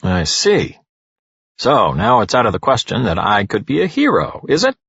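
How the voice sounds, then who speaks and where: Guy reading grouchy old man, gruff, mumbly, sour, husky. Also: on the low side, huge pitch swings, normal speed, a bit bright, dry recording, lo-fi sound, full character voice. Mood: grumbling. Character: grumpy, stubborn old man.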